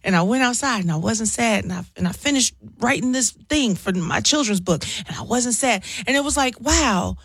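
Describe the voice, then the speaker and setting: Woman guest, candid and animated, laughs often; dry, close recording. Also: fairly high pitch, moderate pace, hardly any pauses, slightly rough, dry recording. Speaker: interview guest. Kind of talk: casual interview chat.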